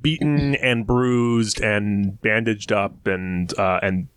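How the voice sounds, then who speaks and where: A man chatting about anime, speaking hesitantly with many pauses and fillers. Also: on the low side, steady tone, fairly bright tone, clean tone, no room sound, clean studio sound. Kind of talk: casual chat about anime.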